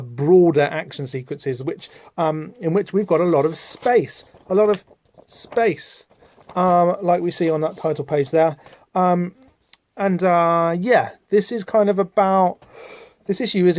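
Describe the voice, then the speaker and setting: A man hosts a comic book discussion podcast, his voice a little high for a man. He talks in a thoughtful, rambling way with plenty of fillers. The sound is close and dry. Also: a little mellow, dry recording. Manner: thoughtful, digressive, many fillers. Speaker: podcast host.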